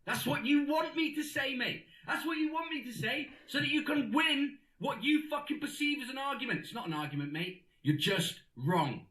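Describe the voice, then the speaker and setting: A shrill, strained crank hurls sweary abuse in a relentless tirade, as a man puts him on. The voice sits very high and sharp, and the sound rings around an echoey room. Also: animated, moderate pace, hardly any pauses, heavily acted. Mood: ranting. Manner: abusive, sweary, shouting tirade. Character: furious male conspiracy theorist ranting in voice messages.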